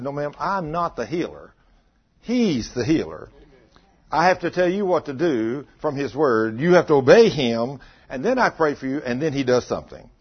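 A man's voice: medium pitch, slightly rough. A man preaching a sermon as pastor, telling folksy stories and teasing his congregation. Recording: dull lo-fi sound.

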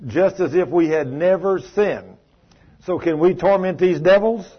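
A man's voice: sits high, a little slow, breathy edge, lo-fi sound. A male preacher giving a fervent, emphatic sermon. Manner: fervent, emphatic, tells stories with acted quotes.

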